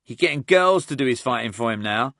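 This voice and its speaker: A man's voice: medium pitch, animated, brisk, pushed and bright, dry recording, studio quality, voice pushed up. A man voicing a sneering, mocking teenage gang leader in an audiobook. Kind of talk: audiobook character voice.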